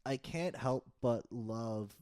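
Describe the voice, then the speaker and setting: A young man holding forth on a podcast. His voice sits in an ordinary middle pitch, and he rambles from one rant to the next, swearing freely. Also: takes it slowly, darkish tone. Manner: profane, rambling rants. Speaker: podcast co-host. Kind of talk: casual chat.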